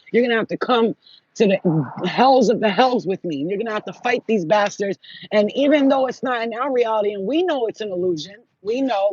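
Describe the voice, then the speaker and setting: Husky high-voiced man telling wild stories. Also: highs cut off. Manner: profane, animated, acts out quotes. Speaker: spiritual channel host. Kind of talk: casual storytelling monologue.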